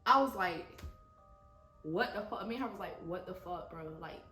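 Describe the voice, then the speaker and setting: A woman co-hosting a vlog, telling stories in a casual, animated way, full of swearing and frequent laughter. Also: fairly low pitch, normal speed. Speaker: vlog co-host. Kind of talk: casual storytelling. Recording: roomy sound with music behind.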